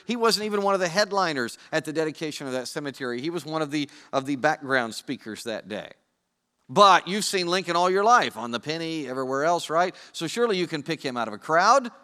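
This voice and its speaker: A man's voice: fairly high pitch, lively intonation, a little fast, pushed and bright, smooth, long reverb tail. A man preaching a sermon, conversational and playful, speaking straight to his congregation. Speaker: pastor.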